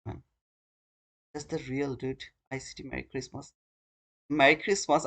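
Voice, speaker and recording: A man's voice: medium pitch, fairly even intonation, moderate pace, pauses often, fairly bright tone. A man hosting a live trading stream, talking to his viewers in an earnest, informal way.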